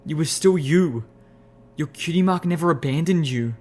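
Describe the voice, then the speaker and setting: A man giving a first-person audiobook narration in an expressive, measured storytelling voice. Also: a little high.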